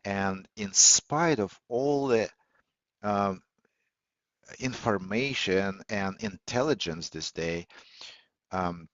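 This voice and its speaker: Guy with a lowish voice teaching over an audio call, lots of ums, muffled dry sound. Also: no echo. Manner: measured, with many filler words and restarts. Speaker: host and speaker of a live audio session. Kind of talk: teaching talk on listening skills. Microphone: computer or phone mic on a call.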